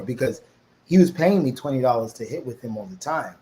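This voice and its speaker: A middle-aged man from New York talks at normal speed in a mid-range voice, heard through a low-quality recording. Interviewed about his life story, he narrates with lively energy and mimics the voices of those he quotes.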